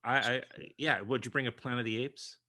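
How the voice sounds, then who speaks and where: Bright-voiced male host, brief replies. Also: medium pitch, fairly even intonation, fast talker, dry recording. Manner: brief affirming interjections. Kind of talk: casual chat.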